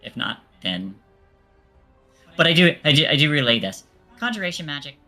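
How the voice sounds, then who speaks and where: Dude playing a tabletop game, bright voice, kinda hesitant, music faint behind. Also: male voice, on the high side, big pitch swings, moderate pace. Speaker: player.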